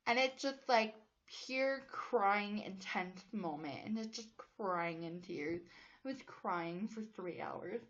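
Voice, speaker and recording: A woman recaps an animated movie in a loose, emotional chat, full of fillers and quick laughs. Her nose is a little stuffed up from allergies, and her pitch sits in the middle range. The home recording sounds slightly dull and lo-fi. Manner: chatty, filler-heavy, emotional, laughs often. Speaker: movie reviewer. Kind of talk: casual retelling of a movie.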